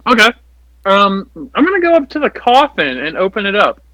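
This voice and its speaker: A man's voice: sits high, wildly swooping pitch, brisk, pushed and bright, dry recording, rough recording. A man playing a horror tabletop game, hesitant and playful, often stammering. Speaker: player. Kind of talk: tabletop role-play.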